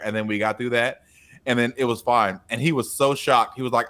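A man's voice: mid-range voice, fast. A man telling a classroom story in casual podcast chat, acting out quoted lines with a raised voice. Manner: animated, acts out quotes with a raised voice. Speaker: teacher and podcast co-host.

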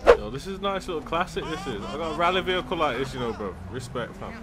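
A male gaming YouTuber giving gameplay commentary, excitable and yelling and swearing at other players. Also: on the high side, fast, loud music behind the voice.

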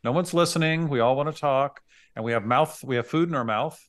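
A man's voice: mid-range voice, a little fast, fairly bright tone. A man, a dentist hosting a podcast, who chats casually and agrees often with short affirmations.

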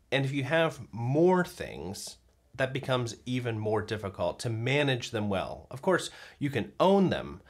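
A man with a fairly low voice hosts a relaxed talk on faith and daily life. He thinks aloud as he goes, pausing and restarting with plenty of "uh" and "um". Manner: thoughtful, halting, with many fillers and restarts. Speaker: host. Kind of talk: casual talk to camera on faith.

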